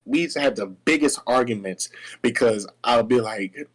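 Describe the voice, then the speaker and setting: A young man tells a personal story in a loose, rambling way, stumbling and restarting as he goes. His voice sits at an everyday middle pitch, and his telling stays lively. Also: normal speed, poor audio. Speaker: guest. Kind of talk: casual storytelling chat.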